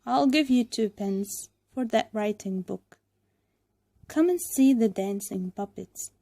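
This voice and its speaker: A pushy man selling tickets played by a woman coaxes and persuades in a storybook reading. He talks slowly. The recording is dry. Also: on the high side, animated, mellow, dry recording, exaggerated voice. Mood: coaxing.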